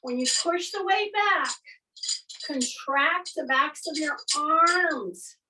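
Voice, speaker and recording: A woman fitness instructor leading a guided workout class, giving steady coaching cues while exercising along. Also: high voice, slow, distant mic, poor audio.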